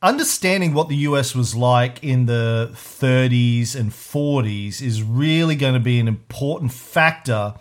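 A man's voice: mid-range voice, unhurried, few pauses. A man co-hosting a history podcast in casual, rambling chat, cursing freely, with many fillers and restarts. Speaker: podcast co-host.

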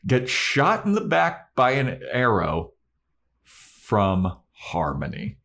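Medium-pitched and slow, a male podcast co-host casually recaps an episode over a little hiss or hum. He acts out the characters' quotes with animation.

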